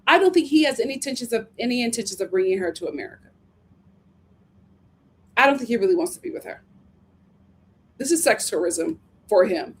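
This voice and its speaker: A woman hosting a casual reality TV recap, sassy and animated, laughing often as she talks. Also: on the high side, brisk, pauses often, slightly rough.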